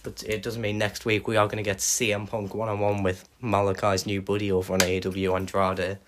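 A man's voice: on the low side, brisk, a little hiss or hum. Man calling fantasy wrestling. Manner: hums entrance themes, animated play-by-play. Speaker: podcast host. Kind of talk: fantasy booking recap with sung themes.

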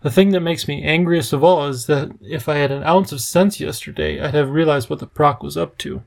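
Man reading a worried storybook professor; measured, gravelly, slightly high. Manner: measured, grave, sometimes bitter. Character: worried, earnest older male professor.

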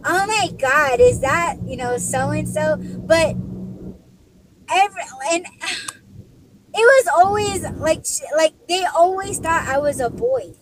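A woman's voice: very high voice, expressive, slow pace, long pauses. A young woman, a podcast host, telling casual stories while driving deliveries, chatty and laughing often with lots of fillers. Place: in a car. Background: faint vehicle noise.

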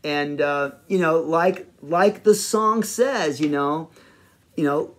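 A man hosting a podcast, telling a personal story in a rambling, animated way with many fillers. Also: a little high, slow. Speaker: podcast host.

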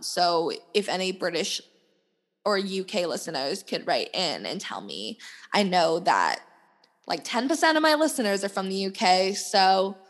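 A woman's voice: medium pitch, a bit bright. A young woman in her twenties hosting a casual solo podcast, talking candidly with lots of "like" fillers and laughter. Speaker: podcast host. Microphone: podcast mic.

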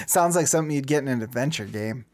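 A man in his thirties telling a story in casual chat, lively and acting out dialogue with a raised voice. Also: mid-range voice, fast, no room sound. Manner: animated, acts out dialogue in a raised voice.

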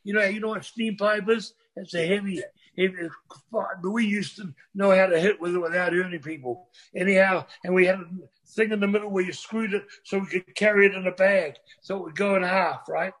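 Older NZ guy, high-pitched, casual guest, loose and sweary. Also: steady tone, brisk, fairly bright tone. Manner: rambling, restarts, swears freely. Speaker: guest storyteller. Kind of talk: casual storytelling chat.

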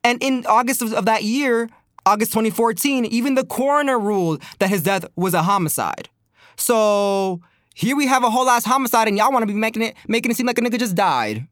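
A man's voice: high-pitched, a bit bright, no room sound, studio quality. A man giving heated, profane commentary, mocking and incredulous. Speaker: commentary host.

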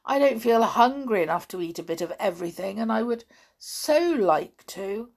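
A woman's voice: mid-range voice, lively intonation, moderate pace, creaky, a little mellow, voice pushed up. A woman doing a wistful sighing little girl.

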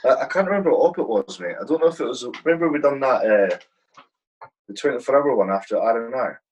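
A man's voice: mid-range voice, expressive, fast, breathy edge, low-quality recording. A man from Britain, an army veteran, telling war stories in a casual, heavily sworn way. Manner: swears a lot, vivid war storytelling. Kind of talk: casual chat.

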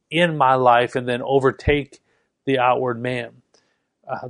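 A middle-aged man preaching a sermon in an earnest way, slowing down to stress key words. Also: medium pitch, no echo, clean studio sound. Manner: earnest, with slow emphatic stresses.

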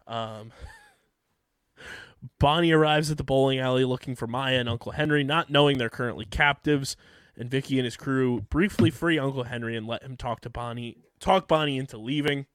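A man's voice: mid-range voice, normal speed, fairly bright tone, smooth, no echo, clean studio sound. A man co-hosting a podcast, casually recapping episodes with frequent laughs and ums. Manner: laughs often, recaps plot with filler ums. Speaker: podcast co-host. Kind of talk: casual show recap chat.

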